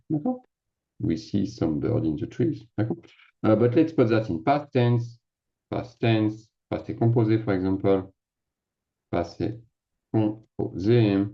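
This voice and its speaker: In a deep voice with the highs cut off, a native French speaker with a French accent teaches grammar in a casual classroom style. He keeps asking "d'accord?" and sprinkles in French fillers as he goes.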